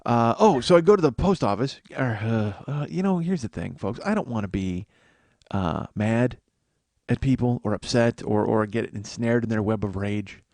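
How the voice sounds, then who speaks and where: A man's voice: medium pitch, expressive, moderate pace, a little mellow, no room sound. A man hosting a comedy podcast, telling a long rambling story in a profane, self-mocking way. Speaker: podcast host. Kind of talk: comedic monologue.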